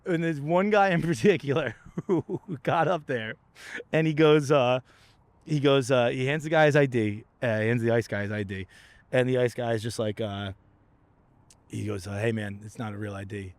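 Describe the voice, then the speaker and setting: A man's voice: medium pitch, moderate pace, dry recording. A man hosting a podcast, telling a rambling, profane comic story and laughing as he goes. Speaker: podcast host. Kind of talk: casual comedic monologue. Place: outdoors by a lighthouse.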